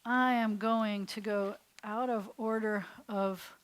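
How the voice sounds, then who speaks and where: A woman's voice: mid-range voice, steady tone, slow pace. Chatty woman rabbi teaching a class. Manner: chatty, explains step by step, asks the class questions. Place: classroom with a small group seated.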